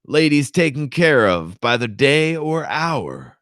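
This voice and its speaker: A man's voice: medium pitch, very animated, slow pace, a bit bright, no echo, clean studio sound, pitched above the performer's own voice. A man reading aloud, voicing a crude, swaggering male official who boasts and leers. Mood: leering. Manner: brash, leering, boastful. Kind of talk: audiobook reading with character voices.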